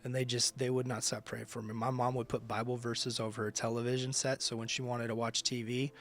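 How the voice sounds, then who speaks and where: Man, mid-pitched voice, ministry leader, personal testimony, emphatic, casual slang. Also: flat delivery, fairly quick, fairly bright tone, slight background noise.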